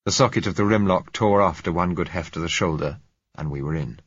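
A man narrates an audiobook in a measured, dryly wry manner. His voice is deep and husky. The recording is dry and slightly lo-fi. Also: fairly bright tone, no room sound.

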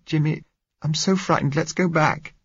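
A man's voice: mid-range voice, animated, moderate pace, slightly rough, no echo, muffled recording, voice pushed up. A man voicing a frightened young woman who pleads fearfully. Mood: frightened pleading. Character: frightened young woman clinging to her husband.

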